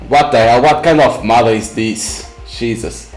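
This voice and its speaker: A man's voice: mid-range voice, measured pace, soft background music, rough recording. A male gaming host reading a visual novel aloud and breaking off with blunt comments. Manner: reads game text aloud, breaks off with blunt asides.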